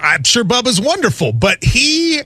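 Sports show co-host guy, super lively swingy voice, dry close sound. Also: extremely high pitch, a little slow, no echo. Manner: animated, self-deprecating, breaks into laughs. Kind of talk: casual banter.

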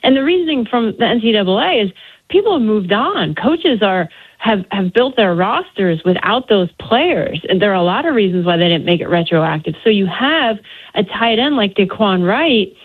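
A woman sports reporter calling in to a news show, explaining the story briskly. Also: medium pitch, big pitch swings, husky. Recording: tinny phone line.

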